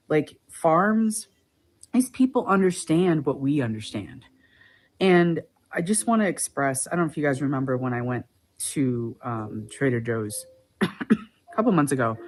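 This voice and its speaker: A woman's voice: deep voice, slight background noise. A woman vlogger ranting casually to the camera, agitated as she retells her arguments.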